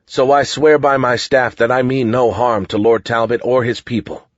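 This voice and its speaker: A man voicing a bold, steady young wizard in an audiobook. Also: mid-range voice, moderate pace, no room sound, dull audio, lightly acted. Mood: firm.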